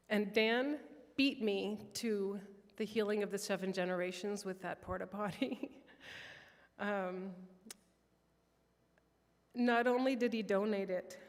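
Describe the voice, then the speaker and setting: A woman telling a heartfelt personal prayer story during a church worship service, soft-spoken and emotional. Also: medium pitch, long reverb tail. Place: church sanctuary.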